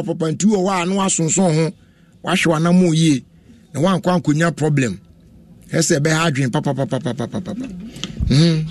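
This is a young man with a Ghanaian accent hosting a radio talk show. He speaks in a casual, animated way and moves freely between languages. His voice sits fairly high and sounds dry and close to the mic. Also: no room sound. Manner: animated, switching between languages, with laughs and exclamations.

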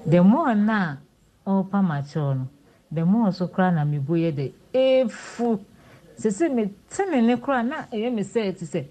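A woman's voice: mid-range voice, lively intonation, normal speed, warm tone. A Ghanaian woman telling her personal story to an advice host, earnest and pleading. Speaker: caller sharing her story. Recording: muffled lo-fi recording with faint noise.

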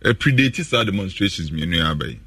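Ghanaian male panelist, forceful bright tone, keeps repeating his points. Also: low-pitched, lively intonation, a little fast, husky, no room sound. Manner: emphatic, repeats himself, stumbles. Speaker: sports radio panelist. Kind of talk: radio sports talk.

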